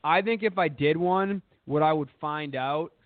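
A man's voice: on the high side, measured pace, dry recording. A young man hosting a podcast in crude, rambling casual chat, cursing and saying "dude" constantly. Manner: profane, rambling, says "dude" a lot. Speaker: podcast host. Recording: dry, phone-like lo-fi audio.

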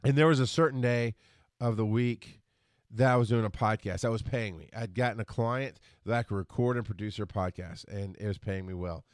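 A man hosting a solo podcast, ranting with frustration and profanity, rushing his words and then reining himself in. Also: on the low side, dry recording, studio quality. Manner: frustrated, profane, talks fast then slows down. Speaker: podcast host.

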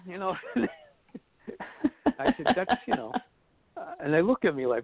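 A man's voice: a little high, fairly quick, vocal fry, pauses often, no echo. A middle-aged man with a Brooklyn accent, telling stories as a podcast guest and acting out the voices of the people in them. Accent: New York (Brooklyn). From Brooklyn, New York. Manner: animated storyteller, acts out quotes. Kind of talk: casual podcast chat. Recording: tinny phone-like line, dry.

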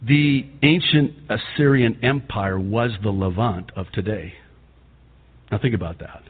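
A Lebanese-born man whose first language is Arabic, preaching a fervent sermon that swings between loud outbursts and quiet asides. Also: on the low side, a little slow, slightly rough. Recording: tinny phone-like sound with long hall reverb.

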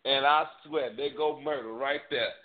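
A man's voice: mid-range voice, fairly even intonation, moderate pace, a little hiss or hum. A man co-hosting a casual comedy radio chat, telling stories and acting out voices. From Indianapolis. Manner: storytelling, acts out voices in quotes. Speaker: co-host. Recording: lo-fi phone-like radio sound.

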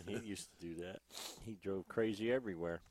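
Very deep-voiced man, dry sound. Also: no room sound. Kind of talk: casual storytelling. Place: gym, inside a fighting cage.

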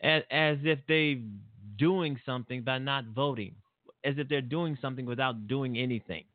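A man's voice: a little high, lively intonation, a little slow, no room sound. A man hosting a talk show, giving a blunt, rambling political monologue full of fillers and repeats. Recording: tinny phone-like line.

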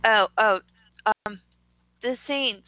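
A woman's voice: medium pitch, takes it slowly, dry recording. A British woman, a guest singer, bantering playfully and laughing in casual chat. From United Kingdom. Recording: tinny phone-like line.

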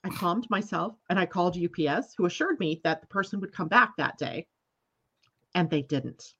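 A woman hosting an astrology talk show, telling a story in a chatty, animated way, often laughing and acting out what people said. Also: on the low side, moderate pace, husky, lo-fi sound. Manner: animated, laughs while telling stories, acts out quotes. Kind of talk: casual storytelling chat.

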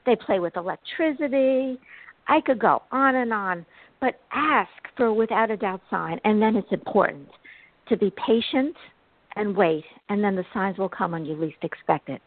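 Woman, psychic medium guest, lively storytelling, mid pitch, phone-like audio. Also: normal speed, dry recording. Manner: animated, expressive storyteller. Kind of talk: interview storytelling. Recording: tinny phone-like line, dry.

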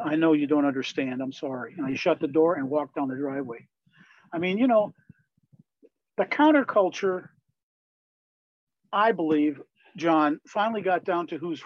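Older man, fairly high voice, candid lively storytelling, slightly dull lo-fi sound. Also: no room sound. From Wisconsin, USA. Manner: lively, candid anecdotal telling. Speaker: guest, Christian musician and pastor. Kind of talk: storytelling in a conversational interview.

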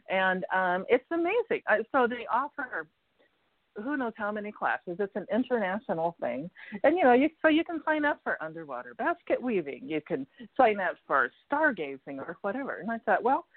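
A woman's voice: medium pitch, very animated, normal speed, dry recording. A chatty woman talking as a radio guest over a tinny phone line. Her voice rises and falls a great deal as she tells her stories. The sound is dry and close. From United States. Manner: chatty, laughs often, acts out quoted lines. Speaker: guest, energy healer. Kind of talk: casual radio chat.

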